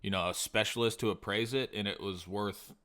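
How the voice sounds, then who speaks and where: Podcast co-host, male, deeper register, punchy bright tone, loose profane storytelling. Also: steady tone, brisk. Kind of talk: casual chat.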